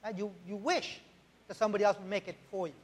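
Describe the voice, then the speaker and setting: A man's voice: high-pitched, fairly even intonation, quick pace. A male pastor preaching a sermon, emphatic, often checking in with "right?" and rhetorical questions. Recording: long hall reverb.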